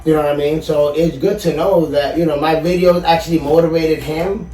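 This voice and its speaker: A man appearing as a podcast guest, a collector and YouTuber, earnestly tells a personal story in casual conversation, often saying "you know." His voice is fairly high and warm, with a steady tone and slightly fast pace. The room is echoey, he's far from the mic, and faint music plays.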